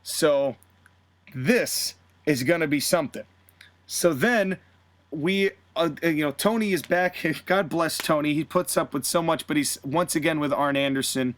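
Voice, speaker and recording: Animated male podcast host. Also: fairly high pitch, a little slow. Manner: animated storytelling, casual swearing. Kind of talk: casual recap of fantasy wrestling booking.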